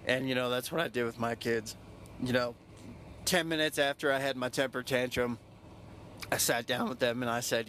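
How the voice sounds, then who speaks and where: Profane, rambling young dad telling a story. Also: male voice, mid-range voice, steady tone, fairly quick, fairly bright tone, slight background noise. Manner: loose, profane, many "you know" fillers. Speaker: podcast host. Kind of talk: casual personal storytelling.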